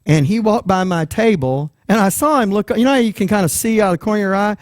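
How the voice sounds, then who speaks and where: A preacher spins a personal story from the pulpit, animated and quick to act out the people in it. His voice sits a bit high for a man, and the sound is dry and close. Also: no echo. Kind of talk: sermon storytelling.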